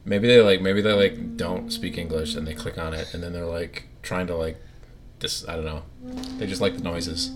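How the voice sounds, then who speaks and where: A man's voice: sits low, steady tone, moderate pace, loud music behind the voice. A man co-hosting a podcast in casual banter, joking and self-deprecating. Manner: joking, self-deprecating, mimics voices in anecdotes. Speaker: podcast co-host.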